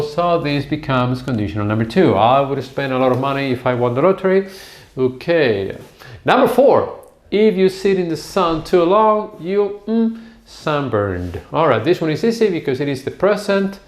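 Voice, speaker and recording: Male teacher in echoey room. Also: fairly high pitch. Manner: patient, step-by-step explaining, drawing out words as he writes. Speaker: English teacher. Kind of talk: grammar lesson at a whiteboard. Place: classroom with a whiteboard.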